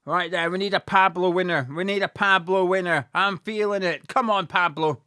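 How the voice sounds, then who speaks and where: Sweary, excitable man in a fan watch-along. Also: high voice, normal speed, smooth, no room sound, studio quality. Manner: sweary and excitable, shouting at goals. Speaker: fan commentator.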